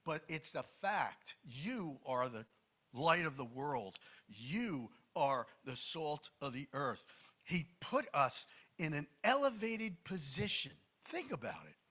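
Animated, bright-voiced male preacher. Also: on the high side, takes it slowly, breathy edge. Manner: animated, emphatic, conversational preaching with asides. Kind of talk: sermon.

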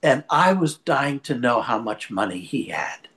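A man preaching a sermon and telling a personal anecdote in a lively storytelling manner. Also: mid-range voice, a little slow. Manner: lively storyteller, shifts pace for effect.

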